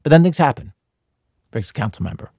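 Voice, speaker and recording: A man's voice: mid-range voice, big pitch swings, fairly quick, a little mellow, breathy edge, no room sound. A man hosting a radio show, narrating in a wry, conversational way from a studio mic.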